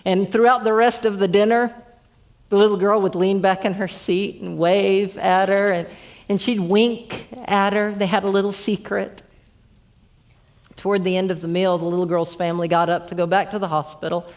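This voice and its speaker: A woman's voice: mid-range voice, steady tone, moderate pace. A woman preaching a narrative sermon, earnest and full of repeated restarts. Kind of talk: storytelling sermon.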